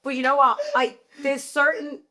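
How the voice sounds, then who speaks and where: A woman with a Dublin accent hosts a casual podcast chat. She talks in an animated, chatty way, with her sentences full of "like". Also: sits high, normal speed, a little hiss or hum. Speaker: podcast host.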